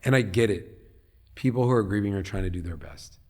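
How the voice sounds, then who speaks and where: Earnest, animated man with a low voice. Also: fairly quick. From Long Beach, California. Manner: earnest and animated, often acting out what people say. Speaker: guest, head of a nonprofit. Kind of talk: podcast interview.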